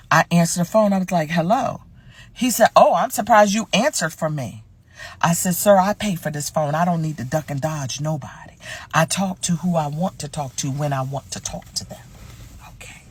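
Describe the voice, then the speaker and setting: Husky low-voiced woman telling a story. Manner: blunt, sassy, swears freely. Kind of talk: casual storytelling to camera.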